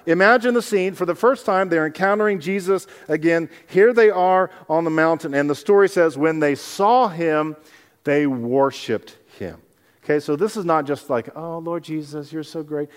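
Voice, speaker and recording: A man, a pastor, preaching a sermon, animated and acting out scenes from the Bible in other people's voices. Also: sits high, smooth, in a large hall.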